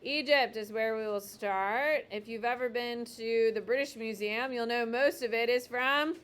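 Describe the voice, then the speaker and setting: A woman's voice: a little high, normal speed, fairly bright tone, clear, resonant tone. A woman teacher giving a casual, emphatic classroom lecture while drawing on a map.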